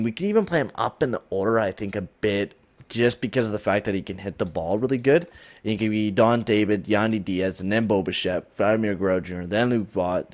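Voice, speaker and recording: Casual young man narrating gameplay, swearing. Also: on the low side. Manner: rambling, swears often, hype bursts. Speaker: gaming channel host.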